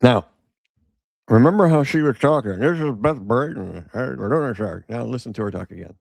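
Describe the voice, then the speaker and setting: A man with a gravelly, creaky voice hosts a podcast, picking through an article out loud and breaking off for sarcastic side comments. The sound is dry and close, with no room around it. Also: mid-range voice, expressive, normal speed, no room sound. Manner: sarcastic, rambling asides. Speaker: podcast host. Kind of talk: casual commentary reading an article aloud.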